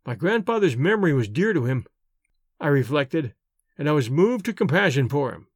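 A man narrating a first-person novel as an audiobook, expressive and storytelling in manner. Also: on the high side, moderate pace, no echo, clean studio sound.

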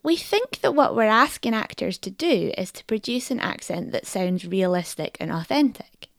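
Lively, gravelly woman host narrating. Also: mid-range voice, normal speed, dry recording, clean studio sound. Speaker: podcast host. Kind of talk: scripted narration.

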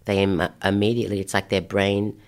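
A woman chatting as an interview guest, telling stories with lively acted-out voices. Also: very deep voice, fairly quick. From Australia, of Haitian parents. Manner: lively storyteller who acts out voices. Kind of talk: casual interview chat.

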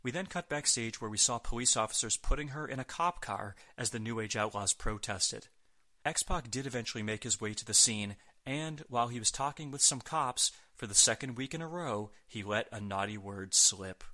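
Man, podcast host, scripted narration, sarcastic asides, bright forceful tone. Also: medium pitch, animated, normal speed. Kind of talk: scripted wrestling recap narration.

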